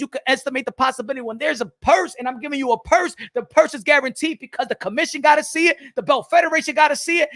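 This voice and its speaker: High-pitched gravelly guy ranting about boxing deals, swearing a ton, bright edgy voice. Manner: loud, profane, animated, laughing often. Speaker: boxing channel host. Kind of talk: ranting reaction to viewer comments.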